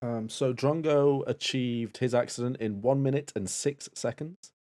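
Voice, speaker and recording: Brisk man reading stream donations. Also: medium pitch, darkish tone. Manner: brisk, reads donation lists. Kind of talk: casual live-stream chat.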